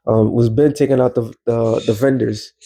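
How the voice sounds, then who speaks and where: A man's voice: medium pitch, fairly even intonation, normal speed, dark tone. Rambling man. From New York. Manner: rambling, loose, streetwise talk. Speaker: religious commentator. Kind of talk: casual commentary vlog.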